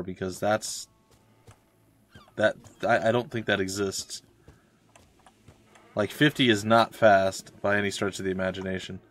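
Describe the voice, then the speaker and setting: Young man with a lowish voice, chatty and ranty, streaming gameplay. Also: a bit bright. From Florida, USA. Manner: rambling, ranting asides. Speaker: let's play streamer. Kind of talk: casual gameplay chat.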